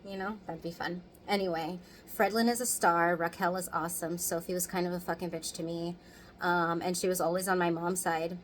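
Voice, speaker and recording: A woman in her thirties chats to camera in a lowish voice, loose and candid, with curse words slipping in freely. A faint hum of room sound sits behind her. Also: steady tone, fairly quick, low-quality recording. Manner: candid, chatty, swears freely, laughs often. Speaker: vlogger. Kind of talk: casual storytime chat.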